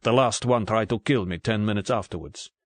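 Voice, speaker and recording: A male audiobook reader voicing a proud, gruff Greek man with a deep voice. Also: dry recording, natural voice. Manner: measured, contemptuous. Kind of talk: audiobook character voice.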